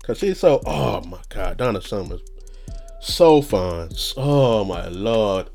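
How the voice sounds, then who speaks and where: A young man hosting a casual solo podcast rant, rambling and profane, with sudden high-pitched outbursts. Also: expressive, takes it slowly, vocal fry, a little mellow, soft background music. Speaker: podcast host.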